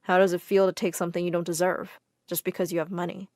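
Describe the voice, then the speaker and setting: A woman voicing a teenage boy classmate, blunt at first and later earnest and caring, in a lowered voice. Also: little pitch movement, fast, a little mellow, dry recording, clean studio sound, close to an everyday voice. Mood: mocking.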